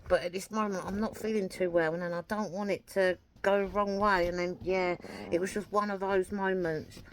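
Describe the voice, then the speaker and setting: A woman's voice: medium pitch, steady tone, moderate pace, a little hiss or hum. A woman, telling a story in a rambling, chatty way and acting out the things she said. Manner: rambling, chatty, acts out her own quoted words. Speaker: vlogger. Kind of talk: casual storytelling to camera.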